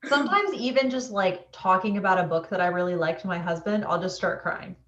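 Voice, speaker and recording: A woman's voice: on the low side, fairly quick, far from the mic, muffled recording, slight background noise. Chatty woman on an echoey call. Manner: chatty storyteller, many "like"s. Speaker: book club co-host. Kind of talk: casual book chat. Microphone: video call.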